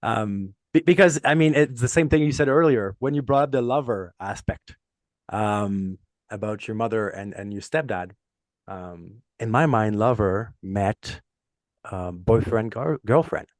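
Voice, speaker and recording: A middle-aged man with a French accent, a native French speaker, chatting casually as podcast co-host, halting and restarting often. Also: fairly low pitch, expressive, no echo, studio quality. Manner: rambling, halting with many restarts. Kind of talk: casual chat.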